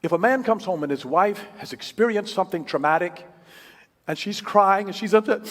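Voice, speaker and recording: Brief: male preacher, high and lively voice, emphatic repeats, long hall echo. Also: a little fast. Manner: emphatic, repeats key phrases, swings from loud to hushed. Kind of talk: sermon.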